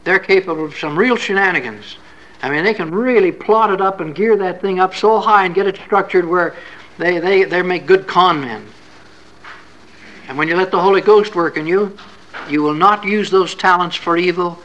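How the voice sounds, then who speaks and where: A man's voice: sits high, moderate pace, a bit bright, lo-fi sound. A man giving a classroom scripture lecture in an earnest, folksy, conversational way. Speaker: religious lecturer.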